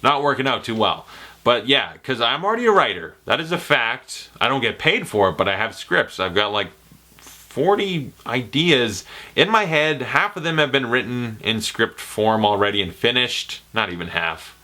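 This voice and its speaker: Young man, casual Q&A vlog, lively swinging pitch, bright tone, jokey movie-quote impressions. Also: moderate pace. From Canada. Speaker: YouTuber answering viewer questions.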